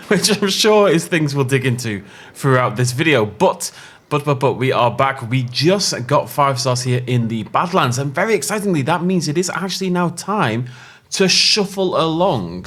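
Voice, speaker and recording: A young male gaming host who rambles casually through his playthrough, laughing and restarting his sentences. His pitch sits mid-range but swings widely. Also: a bit bright. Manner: chatty, laughing, rambling, self-interrupting. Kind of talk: casual let's-play commentary.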